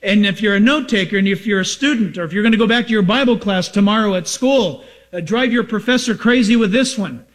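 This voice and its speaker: A man preaching a sermon as a pastor, emphatic and repetitive, asking rhetorical questions and sounding excited and over-caffeinated. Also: high voice, a little fast, hardly any pauses.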